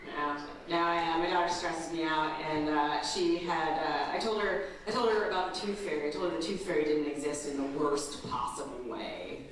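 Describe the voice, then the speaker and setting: A woman's voice: sits low, moderate pace. A woman comedian performing a stand-up set, telling stories and acting out the voices. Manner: animated storytelling, acting out voices. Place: comedy club stage. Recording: distant roomy live club recording with loud crowd.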